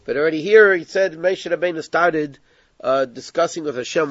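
A man leads a text study class, talking through the passage step by step and slipping in Hebrew terms. His voice sits a bit high for a man. It is captured dry and close on a dull, lo-fi recording. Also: brisk, no echo. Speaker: Torah teacher.

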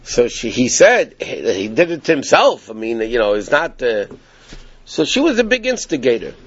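A man teaching a Torah class, telling the story in a lively, animated way, with frequent restarts. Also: mid-range voice, moderate pace, breathy edge, dry recording, dull audio.

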